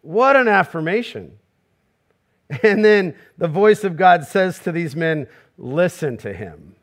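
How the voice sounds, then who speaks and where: A man's voice: high voice, lively intonation, a little slow. A male pastor preaching a sermon, emphatic and full of rhetorical questions, acting out quoted voices as he goes.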